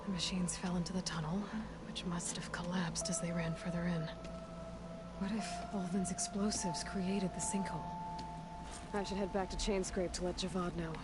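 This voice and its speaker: A woman's voice: lowish voice, flat delivery, normal speed, loud music behind the voice, lightly acted. An actress playing a determined young woman hunter in a video game, thinking aloud in short, focused lines. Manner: terse, thinking aloud to herself. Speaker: game heroine. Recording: game audio over loud noise.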